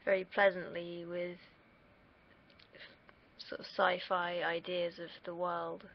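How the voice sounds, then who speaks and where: A woman's voice: lowish voice, flat delivery, slow pace, dull audio. A young woman from the UK, vlogging in a casual, rambling monologue that wanders off on tangents, with the odd swear word. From United Kingdom.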